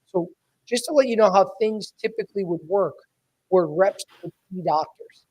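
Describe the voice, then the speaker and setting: A man's voice: high-pitched, normal speed, lo-fi sound. A man hosting a live podcast as a sales coach, talking energetically and directly to his listeners, often repeating or correcting himself mid-sentence. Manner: energetic, direct, keeps addressing listeners as guys. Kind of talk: live podcast, motivational talk.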